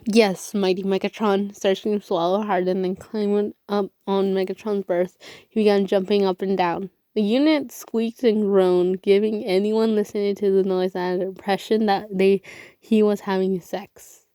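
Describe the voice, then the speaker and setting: A woman reads a story aloud in a casual, stumbling way. Her voice is mellow and darkish. The sound is dry and close. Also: mid-range voice, fairly even intonation, measured pace, clean tone, no echo. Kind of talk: reading fan fiction aloud.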